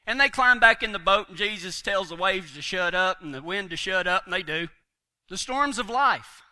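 A man's voice: very high-pitched, pushed and bright. A man preaching a folksy sermon, telling stories with homespun humor and chuckles.

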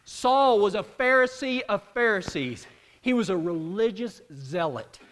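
A man's voice: sits high, lively intonation, unhurried, a bit bright, long reverb tail. A man preaching a sermon, animatedly acting out both sides of an argument as he tells the story.

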